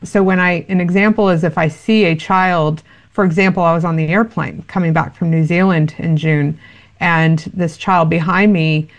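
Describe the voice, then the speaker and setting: A woman's voice: on the low side, steady tone, moderate pace. A woman giving parenting advice in an interview, earnest and explanatory, with many fillers. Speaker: parenting expert guest.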